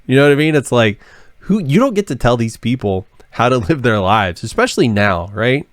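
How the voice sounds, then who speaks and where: A man's voice: mid-range voice, big pitch swings, brisk, dry recording. A male podcast host chatting casually in loose, slangy bursts, laid-back and conversational.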